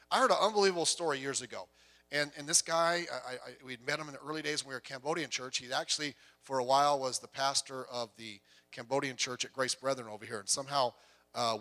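Middle-aged male pastor, conversational sermon with acted-out anecdotes, bright tone. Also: on the high side. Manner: conversational storytelling, acting out quoted dialogue.

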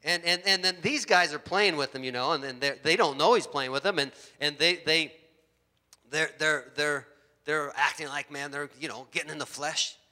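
A middle-aged man preaching a sermon, telling stories with lively acted-out voices. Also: normal speed. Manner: animated storytelling, acts out voices with big pitch jumps. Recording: long hall reverb.

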